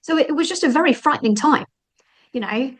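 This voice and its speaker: Animated woman historian, high voice. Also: quick pace, low-quality recording. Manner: animated, thinks aloud with fillers. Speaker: author and guest historian. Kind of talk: conversational interview.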